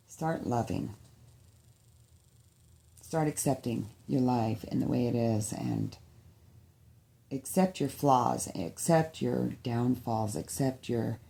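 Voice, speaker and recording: A woman's voice: rumbling low, vocal fry, mellow. A woman talking straight to her viewers in a personal vlog, heartfelt and pleading, with a rising emotion near tears. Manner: heartfelt, pleading, repetitive exhortations. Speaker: vlogger.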